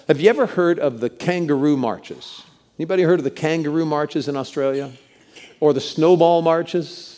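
Mellow-voiced male pastor preaching. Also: on the high side, moderate pace. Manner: storytelling, leads the congregation in call-outs. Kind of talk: sermon. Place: church sanctuary with congregation.

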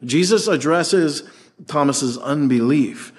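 A man preaching a sermon as pastor, conversational and animated, acting out the voices in the scripture he reads. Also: medium pitch, normal speed.

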